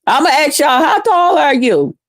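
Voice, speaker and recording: A woman hosting a live stream, ranting in a blunt, profane, mocking way with drawn-out emphasis. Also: high-pitched, sing-song, dry recording, studio quality.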